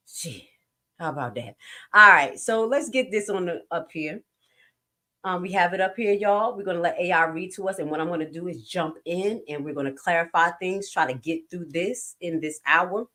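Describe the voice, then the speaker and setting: Blunt, jokey woman streaming live. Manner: blunt, swearing, jokey, quick jumps in pitch and loudness. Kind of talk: casual live-stream commentary.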